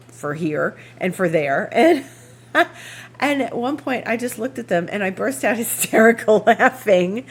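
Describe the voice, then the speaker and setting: A woman with a lowish voice spins a casual anecdote as a show host. She rambles and restarts, with laughter bubbling through the telling. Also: moderate pace, breathy edge. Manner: chatty, animated, laughs through the story; rambling with frequent restarts and asides. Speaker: astrology podcast host.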